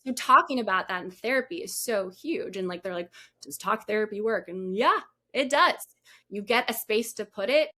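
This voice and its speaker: A woman's voice: fairly high pitch, animated, moderate pace, sharp tone. A woman mental health counselor talking through ideas in an interview, conversational and often checking in with "right?". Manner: conversational, often asks "right?" and acts out quoted voices. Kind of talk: casual explanatory talk in an interview.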